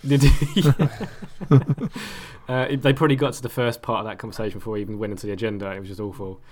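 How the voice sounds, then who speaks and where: A man's voice: lowish voice, fairly even intonation, brisk, darkish tone. A man co-hosting a podcast, chatting casually and laughing often. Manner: laughs often, playful teasing. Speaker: podcast co-host.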